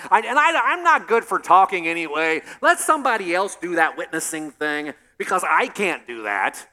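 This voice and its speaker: A male pastor preaching a sermon in an animated way, acting out scenes with humor. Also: high voice, moderate pace, hardly any pauses.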